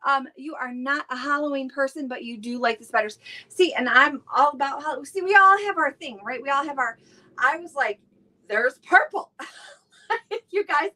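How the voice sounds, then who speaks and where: A woman's voice: sits high, moderate pace, pushed and bright. A middle-aged woman, chatting on a live stream, rambling with many fillers and restarts as she greets viewers. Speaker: direct seller hosting a weekly live stream.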